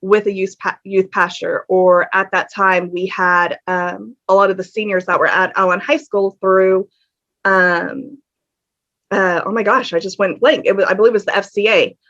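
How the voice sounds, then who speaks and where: A woman's voice: mid-range voice, fairly even intonation, moderate pace, fairly bright tone. A woman, telling her story as a podcast guest in a candid, earnest way, with many ums. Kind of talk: casual interview storytelling. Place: home room with a fan on. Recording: dull lo-fi audio.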